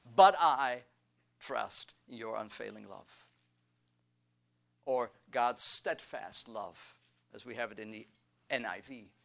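A man preaching a sermon, slow and deliberate, building emphasis through repeated phrases. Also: lowish voice, fairly even intonation, vocal fry, a bit bright. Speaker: pastor.

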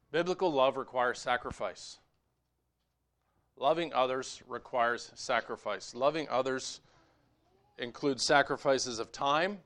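Man, pastor, sermon, mid pitch, conversational asides, emphatic raised passages. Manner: shifts from quiet asides to raised, emphatic preaching.

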